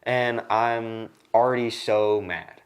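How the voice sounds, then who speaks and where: Young man telling a work story. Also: takes it slowly. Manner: animated, acts out quoted lines with jumps in pitch. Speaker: podcast host. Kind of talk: casual storytelling chat. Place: podcast studio.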